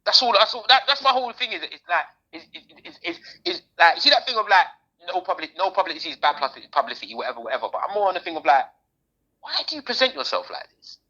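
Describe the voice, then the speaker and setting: A woman's voice: on the low side, lively intonation, very fast, bright, forceful tone. A woman co-hosting a podcast, chatting in an opinionated, slangy way. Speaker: podcast co-host. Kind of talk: casual chat. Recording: dull lo-fi sound.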